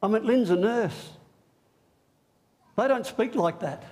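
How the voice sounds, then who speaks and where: A middle-aged man gives an Easter sermon in a church, speaking slowly in a high-pitched voice while he jokes and pulls the congregation into the conversation with animated energy.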